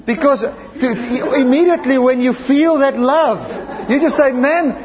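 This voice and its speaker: A man's voice: very high-pitched, unhurried, a crowd in the background. A man with a South African accent preaching a sermon, telling stories with emphasis and saying amen and hallelujah. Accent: South African English. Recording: slightly dull lo-fi recording with faint background noise.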